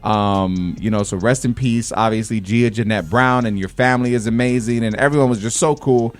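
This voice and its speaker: A man's voice: medium pitch, steady tone, brisk, soft background music. A young adult man hosting a radio show, telling an emotional story in a casual, earnest way. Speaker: radio show host and comedian.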